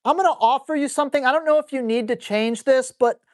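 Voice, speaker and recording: A blunt male dog trainer answering viewer questions live. He talks in an excitable, salty way and keeps jumping into quick acted-out asides. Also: very high-pitched. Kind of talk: live Q&A stream.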